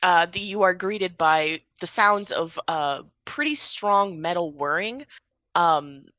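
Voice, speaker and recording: A woman runs a tabletop game, narrating casually with lots of fillers. Her voice is bright and her sound dry and dull, as if slightly muffled. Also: lowish voice, lively intonation, slow, dry recording. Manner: casual, filler-heavy, giggly. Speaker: game master.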